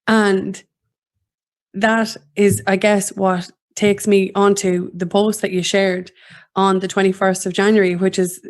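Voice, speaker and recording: Woman hosting in a flat, even voice. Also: mid-range voice. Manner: slow, thoughtful, with many fillers. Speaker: host. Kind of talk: casual interview chat.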